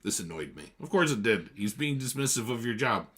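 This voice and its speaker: A man reading a novel aloud in a casual read-along, stopping for chatty, animated asides. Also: medium pitch, fairly quick, breathy edge. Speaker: reader and teacher.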